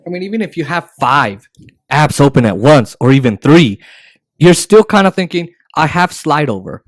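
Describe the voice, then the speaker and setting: A man's voice: on the high side, very animated, normal speed, no echo. A man hosting a casual tech podcast, opinionated and sarcastic, often restarting his sentences. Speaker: podcast host.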